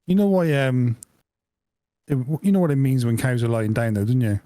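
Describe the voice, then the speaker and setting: A man's voice: mid-range voice, lively intonation, normal speed, dark tone, dry recording. A man co-hosting a podcast, telling a rambling anecdote with laughter and acted-out quotes in casual chat. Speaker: podcast co-host.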